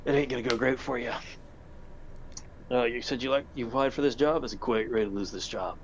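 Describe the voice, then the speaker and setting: A man voicing a tired, curt male security guard at the end of a long shift, giving gruff, weary instructions in a slightly muffled recording. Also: medium pitch, a little fast, a little hiss or hum, natural voice. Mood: weary, brusque.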